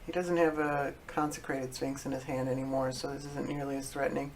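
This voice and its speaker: A man streaming a card game, talking casually to himself as he plays, halting often with fillers and self-corrections. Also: medium pitch, little pitch movement, slight background noise. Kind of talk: casual thinking-aloud commentary.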